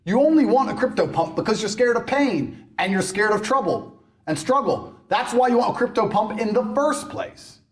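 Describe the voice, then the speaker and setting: Brash mocking man, lively high voice. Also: normal speed. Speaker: internet personality. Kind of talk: ranting monologue.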